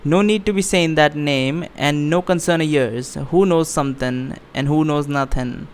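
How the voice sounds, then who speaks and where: A man reading the lines of a gruff, one-eyed female halfling in a text game, in rough dialect. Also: a little high, normal speed, close to an everyday voice. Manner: terse, rough dialect speech.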